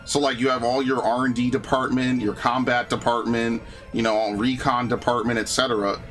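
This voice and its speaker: A man's voice: mid-range voice, fairly quick, faint music behind. A young man hosting a gaming channel, chatting casually and ranting with lots of swearing and "bro.". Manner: animated ranting, profane, frequent "bro" and "dude". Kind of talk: casual chat over gameplay.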